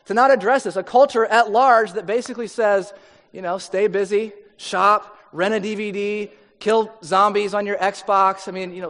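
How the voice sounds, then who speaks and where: A male pastor giving a conversational, emphatic sermon that swings from bursts of emphasis to quiet asides. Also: high voice, long reverb tail. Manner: conversational, emphatic preaching with sudden drops to quiet.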